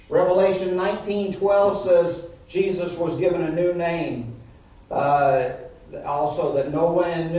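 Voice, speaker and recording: A male pastor preaching an animated sermon to a congregation, asking "amen?" as he goes. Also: on the high side. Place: church sanctuary. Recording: echoey church hall, mic from far off.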